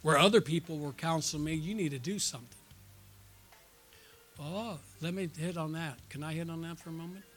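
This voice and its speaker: A middle-aged pastor, his voice fairly high and his pace fairly quick, preaches at a church conference with faint music behind him. He tells a personal story, calls out to the congregation, and moves between loud, excited peaks and quiet asides.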